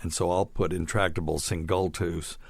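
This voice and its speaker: Low-voiced chatty doctor host. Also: male voice, steady tone, normal speed, gravelly, no echo. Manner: chatty, jokey, wanders off topic. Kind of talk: casual chat.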